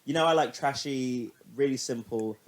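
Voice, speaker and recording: A young man with a medium-pitched voice talks at a normal speed while co-hosting a podcast. His casual chat is animated, and he laughs and swears now and then.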